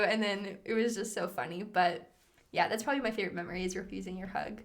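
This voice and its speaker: A young woman co-hosting a podcast, telling a story in a casual, animated way, giggling and acting out the dialogue. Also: medium pitch, quick pace. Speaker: podcast co-host.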